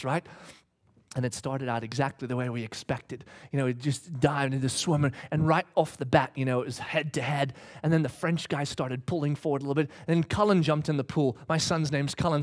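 Middle-aged guy pastor, really high voice, goes quiet then yells, telling a story to the church. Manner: animated, swings from hushed to shouting. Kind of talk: sermon storytelling. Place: church hall with congregation.

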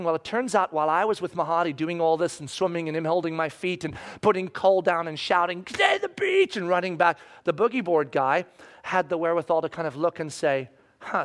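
Middle-aged man, high voice, animated storyteller who swings between loud and hushed. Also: fast talker. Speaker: speaker telling a personal story. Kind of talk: storytelling talk to an audience.

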